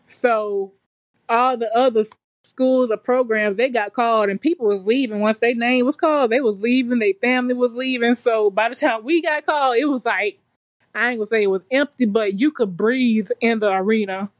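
A woman's voice: fairly high pitch, normal speed, no room sound. Chatty young woman, dry close sound. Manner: relaxed, chatty and colloquial, with frequent fillers. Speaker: podcast guest, nursing graduate. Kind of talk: casual storytelling chat.

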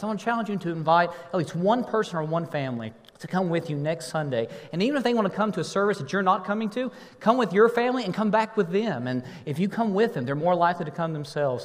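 A pastor in his thirties tells family stories to his congregation and coaxes them into answering back. His voice sits a bit on the high side for a man. Long reverb from the church hall trails each phrase. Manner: warm storytelling, playful with the congregation. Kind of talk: sermon. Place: church sanctuary.

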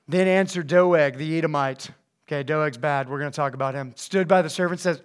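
A young man giving a casual, animated sermon to high school students, slipping into voices as he reads scripture. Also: fairly quick. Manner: animated, conversational, acts out voices when reading scripture. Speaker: youth pastor. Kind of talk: youth sermon.

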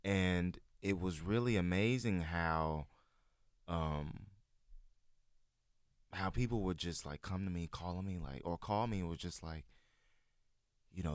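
A deep-voiced man talks easygoingly, full of "um" and "you know" as he tells a story. The recording is dry and close, with little room sound. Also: a little slow, long pauses, no room sound. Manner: relaxed, rambling storyteller with many fillers. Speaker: guest sharing his church experience. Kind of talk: casual chat.

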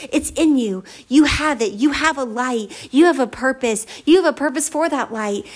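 A woman with a slightly high voice hosts a faith-based podcast, giving a motivational monologue with earnest emotion and chatty warmth. She's casual, using fillers and quick laughs, and builds her points through emphatic repetition.

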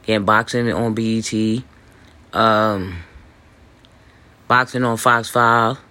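A man hosting a podcast, talking in a loose, boastful monologue full of fillers, restarts and swearing, with hiccups and throat clearing. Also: lowish voice, fairly even intonation, slow pace, sharp tone. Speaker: podcast host. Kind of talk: rambling casual monologue. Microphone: voice message recording.

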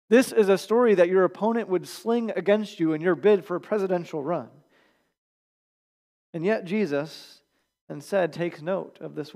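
Male pastor, higher-pitched voice, conversational sermon with soft phrase endings. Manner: conversational preaching, quiet at phrase ends. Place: church.

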